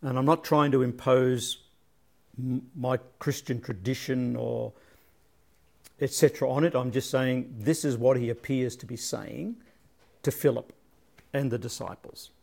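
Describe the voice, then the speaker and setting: A man's voice: medium pitch, fairly even intonation, unhurried, creaky. A man leading a casual Bible study, thinking aloud and often repeating words as he searches for his phrasing.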